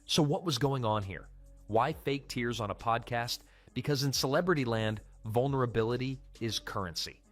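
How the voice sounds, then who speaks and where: A man delivers scripted commentary narration with dramatic punch. His pitch sits in the middle range. Faint music plays underneath. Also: moderate pace.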